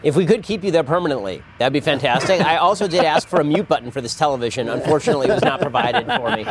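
A man's voice: fairly high pitch, big pitch swings, racing, gravelly, a loud crowd. A man in his thirties giving political commentary in a roundtable, emphatic and sarcastic. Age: 30s. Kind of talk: fast political commentary in chat.

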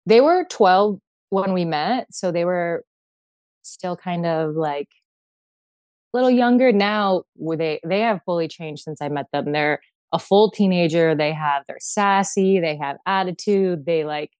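Young canadian woman chatting on a podcast, says like a lot, kinda low voice, dry close sound. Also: a little slow, darkish tone, no echo. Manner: chatty, heavy use of "like". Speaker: podcast guest. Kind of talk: casual chat.

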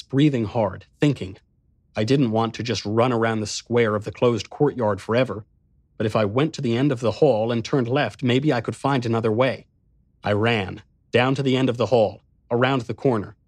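A man narrates a first-person suspense story in a tense, measured way. His voice sits in an ordinary middle range. The recording is close and dry. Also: medium pitch, no echo.

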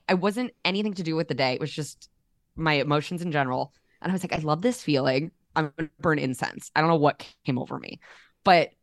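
A woman's voice: deep voice, no room sound, studio quality. A young woman co-hosting a podcast, talking candidly in a chatty way with plenty of fillers. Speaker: podcast co-host. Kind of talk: casual chat. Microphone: remote call.

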